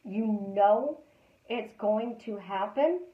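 A woman hosting a live stream as a life coach, talking casually and repeating calm affirmations in a chatty, storytelling way. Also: medium pitch, slow pace, reverberant, narrow, tinny audio.

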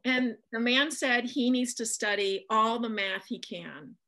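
A woman's voice: on the high side, unhurried. Middle-aged midwest lady author, chatty storyteller, lots of ums and restarts. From Midwestern United States. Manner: chatty, animated anecdote-telling with frequent ums. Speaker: author guest. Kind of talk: casual interview storytelling.

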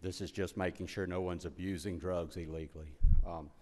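Deep-voiced lawmaker, slightly winded. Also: male voice, steady tone, a little fast, darkish tone. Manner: plain, matter-of-fact. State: slightly out of breath. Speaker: state legislator presenting a bill. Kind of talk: presenting a bill to a committee. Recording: echoey hearing room.

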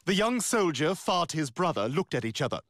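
A man's voice: fairly high pitch, very animated, fairly quick, fairly bright tone, no echo. An actor voicing a haughty, scheming baby boy with a plummy British accent in a cartoon. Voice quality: plummy, theatrical, sneering. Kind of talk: cartoon voice acting.

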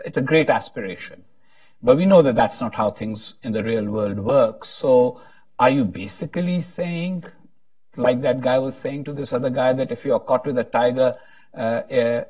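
A man's voice: mid-range voice, a little mellow, dry recording, far from the mic. A man moderating a panel discussion, talking in a rambling, hesitant way with frequent restarts.

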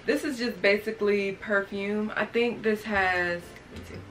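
A woman's voice: medium pitch, fairly even intonation, normal speed, fairly bright tone, soft background music. A young woman showing what's in her bag to her viewers, chatty and casual, calling them y'all. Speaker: beauty vlogger. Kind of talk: casual show-and-tell vlog.

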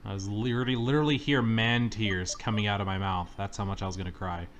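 A young man commenting on his gameplay, complaining dramatically and yelling at the game when things go wrong. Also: on the low side, fairly even intonation, quick pace, slight background noise. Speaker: let's-play gamer. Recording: faint game music behind.

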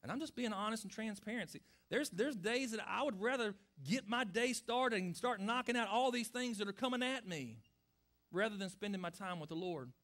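A middle-aged pastor preaching in a voice pitched high for a man. He talks earnestly and conversationally and keeps putting direct questions to his listeners. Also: expressive, brisk, fairly bright tone. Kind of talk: sermon answering questions.

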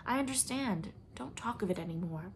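A woman voicing a calm young wife who soothes her friend softly. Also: medium pitch, a little fast, a little hiss or hum, natural voice. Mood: gentle. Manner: soft and soothing.

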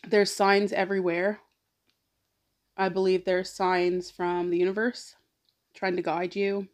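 A woman hosting a mukbang vlog, chatting casually and reflectively between bites. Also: on the low side. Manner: slow, reflective, motivational. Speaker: mukbang vlogger. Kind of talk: casual chat while eating.

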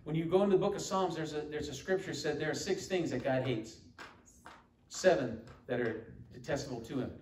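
A man's voice: on the high side, brisk, darkish tone, a little hiss or hum. Male pastor, fervent sermon delivery, roomy church echo. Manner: emphatic, quoting scripture with call-and-response. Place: church sanctuary. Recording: echoey church room from far off.

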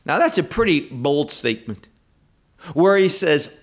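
A man teaching verse by verse through a Bible passage, slow and emphatic, stressing key words. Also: on the high side, very animated.

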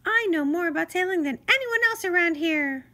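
A woman voicing a tiny, bossy male mosquito ferryman, shrill and insistent. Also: animated, a little fast, bright, forceful tone, full character voice. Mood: boastful.

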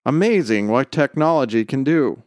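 A man voicing a caring father who speaks gently and with concern, reading a story. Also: mid-range voice, lively intonation, normal speed, no room sound, clean studio sound, natural voice.

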